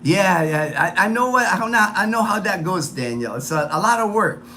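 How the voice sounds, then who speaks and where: Speaking at a normal speed, this American host of a casual livestream sounds high, animated, bright, and forceful. He rambles and says things more than once, using lots of fillers, and some background noise can be heard.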